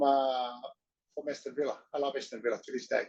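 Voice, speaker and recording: A man's voice: mid-range voice, brisk. A middle-aged man, an actor and wrestler, chatting as an interview guest, acting out the voices of people in his stories. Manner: animated, acts out others' voices in his anecdotes. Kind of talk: casual storytelling chat. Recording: dull, muffled audio.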